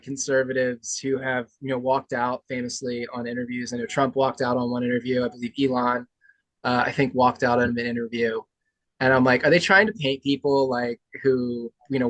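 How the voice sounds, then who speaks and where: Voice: mid-range voice, no room sound, low-quality recording. A podcast host in casual political chat who rambles and leans on lots of fillers.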